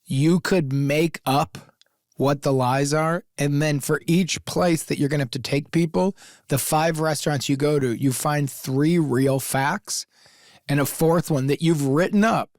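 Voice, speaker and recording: Male co-host, upbeat comic riffer, fairly high voice, dry close studio sound. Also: measured pace, no room sound. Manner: animated, acts out little scenes, laughs often. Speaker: podcast co-host. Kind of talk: casual comedic advice chat.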